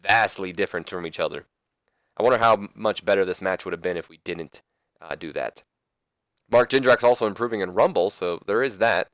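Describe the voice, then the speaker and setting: Low, clear-voiced casual game commentator. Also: male voice, brisk, fairly bright tone, no room sound. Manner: casual, rambling, self-correcting. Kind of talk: let's play commentary.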